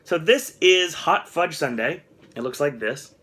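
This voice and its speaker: A man's voice: a little high, expressive, a little slow, pushed and bright, slightly rough. A young man chatting casually on camera as he taste-tests snacks, candid and a little dramatic about the flavors. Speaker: food review vlogger. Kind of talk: casual taste-test commentary.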